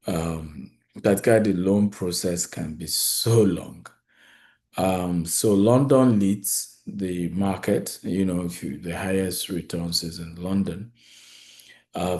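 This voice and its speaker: Low, mellow-voiced man presenting. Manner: conversational, repeats key points, addresses viewers directly. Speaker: real estate webinar host. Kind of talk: live webinar presentation.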